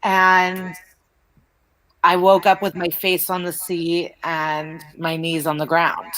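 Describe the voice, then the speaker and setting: A woman comedian, a guest on a podcast, telling blunt deadpan anecdotes in casual chat. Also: fairly low pitch, takes it slowly, poor audio.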